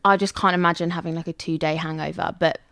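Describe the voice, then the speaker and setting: A young woman from England chats casually as a podcast co-host. Her voice is relaxed and often trails off softly at the ends of her sentences. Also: fairly low pitch, fast talker, vocal fry. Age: young adult. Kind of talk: casual chat.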